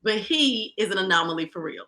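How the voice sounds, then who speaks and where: Bright-voiced Southern woman podcast host. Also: mid-range voice, fairly quick. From rural Virginia. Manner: lively, folksy, talks straight to listeners. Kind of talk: casual podcast chat.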